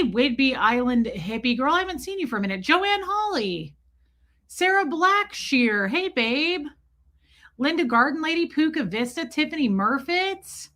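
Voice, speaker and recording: A woman's voice: high voice, a bit bright. A woman hosting a casual livestream, chatting and teasing as she greets viewers one by one. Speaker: livestream host.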